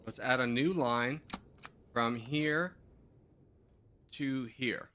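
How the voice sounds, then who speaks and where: A man's voice: mid-range voice, extremely slow, sharp tone, clear, resonant tone. A man casually commenting on his own gameplay while live streaming, muttering to himself as he builds and answering chat.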